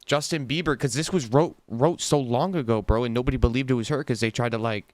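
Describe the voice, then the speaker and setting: A man chiming in casually during a live reaction stream, saying "bro" and reacting quickly. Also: medium pitch, no room sound. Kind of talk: casual chat.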